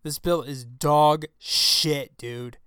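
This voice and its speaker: A man hosting his own talk show, delivering an angry, profane political rant into a close microphone, with shouted outbursts. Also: on the high side, fairly even intonation, extremely slow, smooth, dry recording. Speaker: show host. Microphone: close studio mic.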